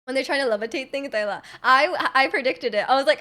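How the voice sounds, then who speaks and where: A woman's voice: sits high, fairly quick, sharp tone. A young woman chatting casually with her livestream viewers, rambling loosely and answering their questions as they come in. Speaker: livestreamer reading chat.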